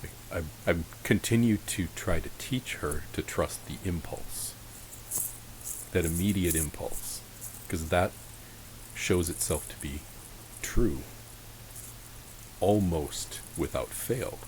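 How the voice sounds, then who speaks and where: A man hosting a podcast in a slow, earnest and thoughtful way. His voice is very deep, with a faint hiss of noise under it. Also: a little mellow, poor audio. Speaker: podcast host. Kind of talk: reflective podcast conversation.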